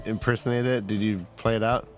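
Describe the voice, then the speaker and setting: A man's voice: fairly low pitch, steady tone, soft background music. A man co-hosting a podcast, asking questions casually and repeating his words as he goes. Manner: halting, repeats himself. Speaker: podcast co-host. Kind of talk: casual chat.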